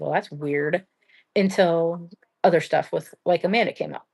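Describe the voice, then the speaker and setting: A young adult woman hosting a livestream, telling a true-crime story in a blunt, rambling way full of "like" and casual swearing. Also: on the low side. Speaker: livestream host.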